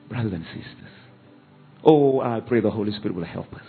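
A man's voice: on the low side, expressive, a little fast, creaky, soft background music. Preaching man on a tinny line. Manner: call-and-response preaching, swings from shouts to hushed asides. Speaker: pastor. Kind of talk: sermon. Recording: phone-like narrow band.

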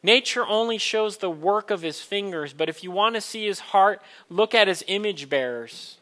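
A man's voice: high-pitched, lively intonation, normal speed, pushed and bright. A man preaching a sermon to a congregation, earnest and building to emphatic questions. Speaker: pastor.

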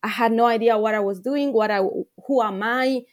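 A woman coach talks earnestly as a podcast guest. Her voice sits fairly high, and she piles up phrases to stress a point. The sound is dry and close, with no room echo. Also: normal speed. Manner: earnest, reflective, repeats phrases for emphasis. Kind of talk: podcast interview.

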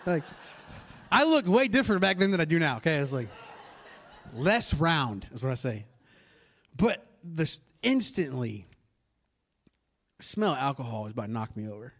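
Man, pastor, fairly high voice, conversational sermon storytelling, animated asides to the congregation. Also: moderate pace, pauses often.

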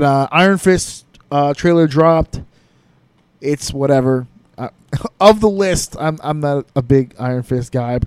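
A man's voice: on the high side, darkish tone, no room sound. Rambling man, close dry podcast mic. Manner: rambling, self-correcting, laughs easily. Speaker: podcast host. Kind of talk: casual solo podcast talk.

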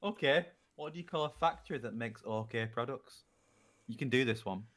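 A man's voice: medium pitch, a little fast, fairly bright tone. A man co-hosting a casual podcast, telling dad jokes and laughing often. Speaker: podcast co-host. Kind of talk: casual chat.

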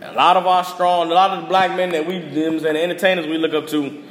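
A young man with a fairly high voice holds forth in a heated, casual rant, blunt and emphatic, hammering his points home with slang and repetition. His voice rings in a roomy space with a long reverb tail. A faint hum of noise sits underneath. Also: level tone, fast, fairly bright tone. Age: young adult. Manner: blunt, emphatic, slang-heavy, repeating phrases for punch. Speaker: podcast host.

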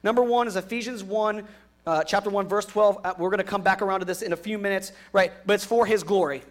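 Earnest man preaching, higher-pitched voice. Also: fairly even intonation, quick pace. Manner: earnest, swings from emphatic to quiet and hushed. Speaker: pastor. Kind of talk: sermon.

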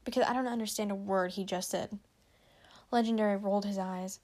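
A woman's voice: mid-range voice, steady tone, fairly quick, a little mellow. Woman reading a dragon story aloud. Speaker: reader.

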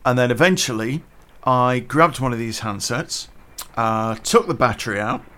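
British man, podcast host, casual rant, blunt, swears, chewing gum, mid-pitched voice. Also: normal speed, bright, forceful tone. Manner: chatty, blunt, swears casually, lots of "you know". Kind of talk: casual ranting podcast monologue.

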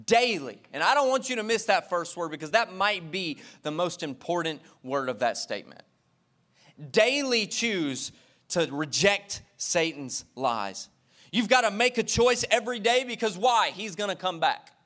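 A man with a high, bright voice preaches with fervor, driving his points home through repetition. He speaks straight to his congregation as their pastor. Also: lively intonation, a little fast, few pauses. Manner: impassioned preaching with emphatic repetition; talks directly to the congregation. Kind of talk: sermon.

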